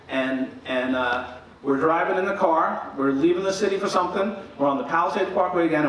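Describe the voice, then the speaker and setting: Man, middle-aged, fairly high voice, storytelling wedding speech, playful, very reverberant hall, distant mic, faint noise. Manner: humorous, animated, acts out quoted voices. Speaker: father of the groom giving a wedding speech.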